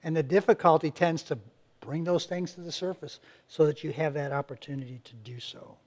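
A male pastor delivers a sermon in a high, light voice. He talks in an earnest, conversational way, repeating words as he restarts and voicing everyday people in quick quotes. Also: fairly even intonation, darkish tone.

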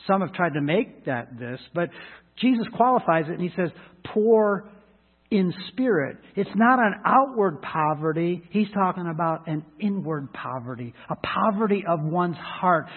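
A middle-aged man pastor telling a folksy, halting personal story in his sermon, voicing people with raised shouts. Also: sits high, animated, slightly rough. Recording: echoey hall, phone-like sound.

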